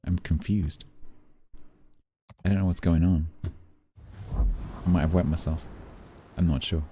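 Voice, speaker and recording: A man's voice: low voice, fairly even intonation, measured pace, mellow, a little hiss or hum. A British man streaming a game, chatting casually with his viewers in a rambling, dry, self-mocking way. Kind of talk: casual chat while gaming.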